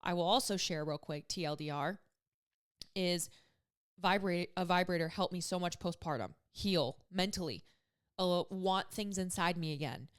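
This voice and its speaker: Smooth-voiced, chatty woman podcast host. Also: lowish voice, normal speed. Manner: candid, chatty, heavy use of "like", swears freely. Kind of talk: casual advice chat.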